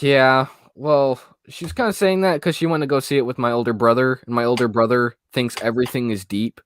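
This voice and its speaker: A man's voice: mid-range voice, fairly even intonation, fairly quick, slight background noise. A young man who makes movie videos, chatting as an interview guest in a hesitant, rambling way full of fillers. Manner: hesitant, rambling, many fillers and "I don't know". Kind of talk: casual interview chat.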